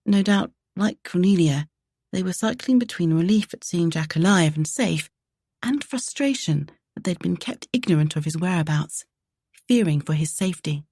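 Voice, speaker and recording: Low-voiced woman narrating a romance. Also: moderate pace, warm tone, breathy edge, dry recording, clean studio sound. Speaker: audiobook narrator.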